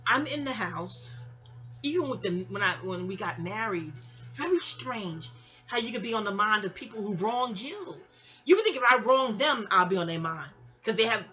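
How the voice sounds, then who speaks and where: A woman in her fifties telling a long, rambling personal story, animated and digressive, with frequent exclamations. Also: mid-range voice. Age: 50s. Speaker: vlogger.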